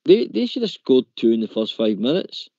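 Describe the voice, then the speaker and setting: A man's voice: mid-range voice, very animated, fairly quick, warm tone, dry recording, muffled recording. A man hosting a casual football phone-in show, talking tactics in an opinionated way and stumbling over his words. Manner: opinionated, repeats words, says "mate" and "in my opinion". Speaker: phone-in host.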